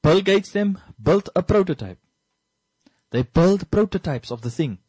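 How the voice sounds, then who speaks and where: A man's voice: high-pitched, a little slow, husky, no room sound, rough recording. A man from Namibia co-hosting a radio talk show, speaking with passion and emphasis. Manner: passionate, emphatic, lively delivery.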